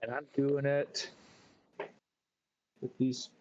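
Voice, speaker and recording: A man's voice: mid-range voice, level tone, very slow, a little mellow, muffled recording, slight background noise. A man running a tabletop game as game master, checking rolls and describing the scene.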